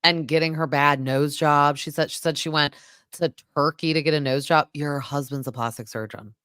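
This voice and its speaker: A woman's voice: low voice, fairly even intonation, moderate pace, a bit bright, smooth, no echo, studio quality. A woman hosting a podcast, chatting casually and animatedly as she recaps a reality show and acts out quotes. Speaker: podcast host.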